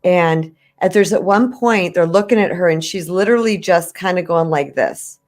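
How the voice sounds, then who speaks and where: A middle-aged woman co-hosting a podcast, telling a story in an emotional, animated way. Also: on the low side, normal speed. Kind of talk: casual podcast chat.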